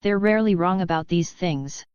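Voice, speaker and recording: A woman's voice: fairly low pitch, moderate pace, a little mellow, smooth, dry recording, highs cut off, close to an everyday voice. A woman voicing a dreamy, whimsical teenage witch with an otherworldly way of talking.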